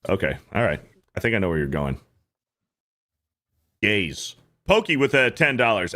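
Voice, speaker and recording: A man's voice: mid-range voice, big pitch swings, fairly quick, long pauses, pushed and bright. Man reading super chats on a livestream. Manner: profane, mocking, reads donor messages aloud. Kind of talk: casual livestream chat.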